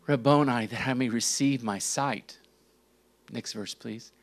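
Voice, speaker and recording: A man preaching a sermon, reading scripture verses and asking rhetorical questions, with big dramatic swings in pitch and volume. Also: a little slow. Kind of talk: sermon teaching.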